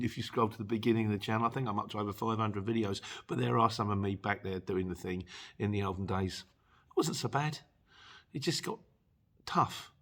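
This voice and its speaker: A middle-aged man, hosting a casual Q&A and chatting jokily through viewer comments. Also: lowish voice. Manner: chatty and jokey, chuckles often. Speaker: channel host answering viewer questions.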